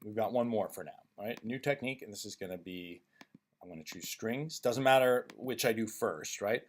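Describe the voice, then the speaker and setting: Man talking through a software tutorial. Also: fairly low pitch, normal speed. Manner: informal, thinking aloud, many ums and restarts. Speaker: music software tutorial presenter. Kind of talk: screen-recorded software tutorial.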